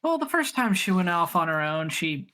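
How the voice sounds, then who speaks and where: A woman's voice: lowish voice, big pitch swings, normal speed, bright, forceful tone. A woman playing in a tabletop role-play, chatty and amused. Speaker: tabletop player.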